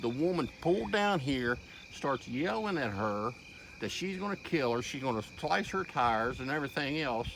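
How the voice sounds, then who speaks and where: A man's voice: medium pitch, animated, moderate pace, vocal fry, a bit bright. A man with a Kentucky accent, a homeowner and father, angrily and bluntly confronting officers in his yard at night. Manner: angry, blunt, drawling. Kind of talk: heated confrontation. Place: outdoors at night, rural yard. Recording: noisy outdoor phone recording. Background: crickets and insects.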